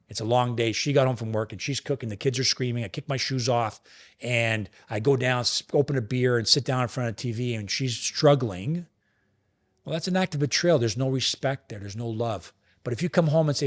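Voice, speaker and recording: A man's voice: mid-range voice, normal speed. A middle-aged man talking in an earnest, coaching way, sometimes acting out both sides of a conversation. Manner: earnest, coaching tone, acts out dialogue. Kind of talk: podcast conversation on relationships.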